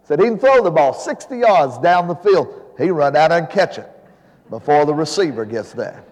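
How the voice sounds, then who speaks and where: A man's voice: on the high side, animated, moderate pace, a little mellow. A man in his seventies, an evangelist preaching a sermon in a church, telling folksy jokes before building to fervent preaching. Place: church sanctuary. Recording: long hall reverb.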